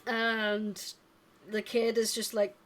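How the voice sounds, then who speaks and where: A woman's voice: mid-range voice, monotone, slow pace, a bit bright. A woman narrating as game master of a tabletop game, giggling often and leaning on fillers. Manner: giggly, filler-heavy, hesitant.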